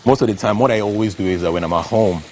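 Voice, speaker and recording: A man's voice: lowish voice, fast, background noise. A man hosting a morning TV show, chatting in a playful, teasing way on a studio kitchen set. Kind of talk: casual studio chat.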